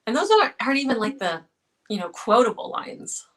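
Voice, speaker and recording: A woman co-hosting a casual live-stream chat, chatty and quick to laugh. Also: a little high, big pitch swings, fairly bright tone.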